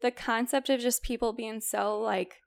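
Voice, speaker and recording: A woman's voice: fairly high pitch, steady tone, normal speed, vocal fry, no room sound. A young woman co-hosting a podcast, chatting casually and retelling stories with quoted dialogue and lots of "like" fillers. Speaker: podcast co-host presenting a report. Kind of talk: casual chat.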